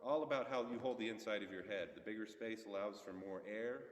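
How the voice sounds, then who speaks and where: A man giving a relaxed trombone masterclass, explaining technique with sung examples over a video call. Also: lowish voice, quick pace, faint music behind. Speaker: trombone teacher. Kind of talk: masterclass instruction. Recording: echoey hall, far from mic.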